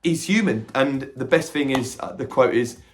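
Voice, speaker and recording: A man at a mid-range pitch, talking through a film he has just seen in a lively, excitable recap. He keeps breaking into short acted quotes and tripping over restarts, while soft music plays faintly underneath. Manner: animated retelling, slipping into quick voiced quotes of characters; occasional stammering restarts. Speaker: podcast host reviewing a film. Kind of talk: casual film reaction recap.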